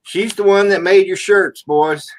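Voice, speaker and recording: Easygoing male stream host, fairly high voice. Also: unhurried. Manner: relaxed, greets viewers in the chat one by one. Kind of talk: casual live-stream chat.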